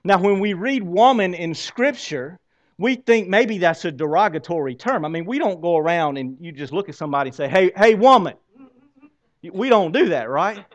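High-voiced man preaching a sermon. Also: animated, moderate pace, highs cut off. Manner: preaching, voice swinging from loud to hushed. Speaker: pastor.

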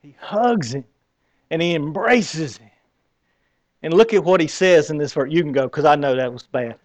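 Animated Southern preacher, higher voice. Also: male voice, moderate pace. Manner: animated storytelling, acting out scenes. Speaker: pastor. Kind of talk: sermon.

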